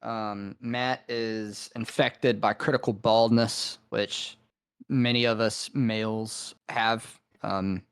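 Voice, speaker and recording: A man's voice: on the low side, flat delivery, slow pace, clear, resonant tone. A man co-hosting a casual film review podcast, summarizing the plot hesitantly with many ums and uhs. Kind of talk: casual chat.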